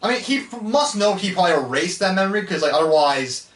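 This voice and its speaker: A man's voice: high voice, expressive, fast talker, fairly bright tone. A man hosting a casual movie review chat, rambling with frequent restarts and laughs between points. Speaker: podcast host. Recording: echoey room, mic far off.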